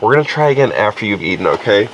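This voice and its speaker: A man's voice: on the low side, very animated, racing, highs cut off, background noise. A man vlogging on a wilderness camping trip, coaxing his dog in a sing-song voice and chatting casually. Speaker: outdoor vlogger. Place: outdoors in the woods at a campsite.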